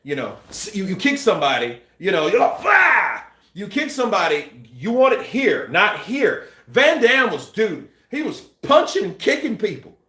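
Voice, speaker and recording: A man hosting a boxing news channel, chatting casually and acting out scenes with shouts and sound effects. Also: sits high, big pitch swings, moderate pace, hardly any pauses, echoey room, a faint crowd. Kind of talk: casual live-stream chat.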